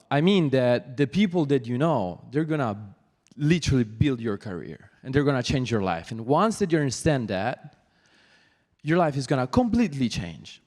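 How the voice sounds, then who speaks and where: A young man with an Italian accent speaks at mid pitch in an earnest, deliberate way, his English slightly halting. The long reverb of a large hall trails his words. He addresses an audience as a guest coach. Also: darkish tone. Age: young adult. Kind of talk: motivational talk to an audience.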